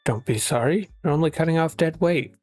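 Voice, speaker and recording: A comedy narrator voicing a haughty, contemptuous evil horse over soft background music. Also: medium pitch, fairly quick, no room sound, natural voice. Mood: disdainful. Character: evil bigoted snobbish horse, disdainful.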